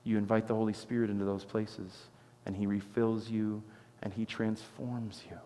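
A man preaching a sermon as pastor, telling stories with animated swings from loud exclamations to quiet intensity. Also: on the low side, moderate pace, long reverb tail, slight background noise. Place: church sanctuary.

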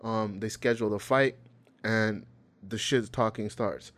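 A man's voice: fairly low pitch, a little slow. A man in casual chat, animatedly retelling a story and acting out what people said. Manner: animated storytelling, acts out quotes.

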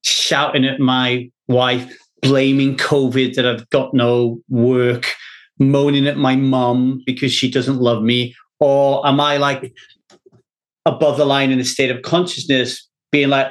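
A man's voice: medium pitch, flat delivery, slow. A man hosting a podcast, talking earnestly in a rambling, repetitive way. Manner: earnest, rambling, repeats words when thinking. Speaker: podcast host. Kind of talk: casual podcast chat.

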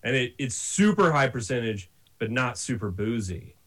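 A man telling stories in a casual podcast chat, animated and laughing often. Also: medium pitch, normal speed.

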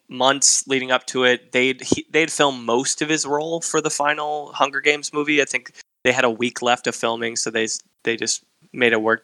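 A man hosting a casual podcast, recounting facts in a relaxed, conversational way with filler words. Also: mid-range voice, no echo, low-quality recording. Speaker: podcast host.

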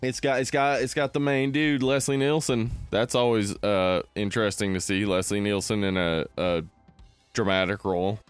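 A man's voice: lowish voice, steady tone, normal speed, clear, resonant tone, dry recording, soft background music. A man from New Jersey co-hosting a casual movie chat podcast, rambling with fillers and laughing often. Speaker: podcast co-host.

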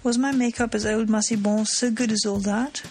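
A woman reading the part of a cool, mocking gentleman thief, teasing and self-assured, in her own voice. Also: fairly high pitch, steady tone, moderate pace, a little hiss or hum, natural voice.

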